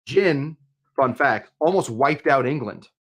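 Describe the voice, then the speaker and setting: A man's voice: mid-range voice, lively intonation, takes it slowly, lo-fi sound. A man hosting a casual livestream cocktail demo, chatty, with jokey asides and frequent restarts. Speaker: bartender and show host.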